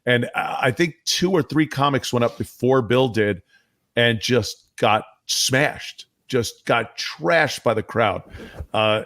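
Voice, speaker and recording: Gravelly man telling stories on a podcast. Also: mid-range voice, a bit bright, dry recording, clean studio sound. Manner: loose anecdotal storytelling with many fillers. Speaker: podcast guest. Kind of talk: casual podcast chat. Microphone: remote call-in mic.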